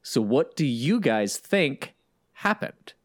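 A man leading a casual film podcast, his voice rising and falling in a lively, storytelling way. He is recorded dry and close, with no room sound, and he slips into the voices of the people he quotes. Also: medium pitch, takes it slowly, no room sound. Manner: animated storyteller, acts out quotes. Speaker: podcast host. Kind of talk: casual film-discussion chat.

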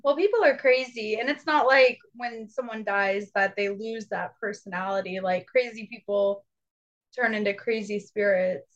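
A woman's voice: mid-range voice, normal speed. A young adult woman co-hosting a podcast, telling a story in casual chat and acting out the quotes. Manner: animated, acts out quotes. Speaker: podcast co-host. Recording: dull lo-fi recording.

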